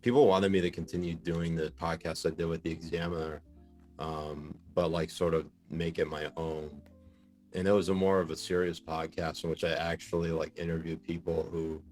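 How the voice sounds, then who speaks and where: This podcast guest, a journalist, is a laughing, animated storyteller who uses many fillers in a casual interview. His low-pitched voice moves at a moderate pace, with faint music behind.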